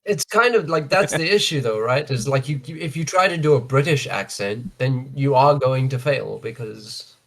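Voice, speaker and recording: South African man in lively podcast chat. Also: mid-range voice, normal speed, vocal fry, hardly any pauses, low-quality recording. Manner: animated, opinionated, fills with "like, look". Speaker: podcast co-host.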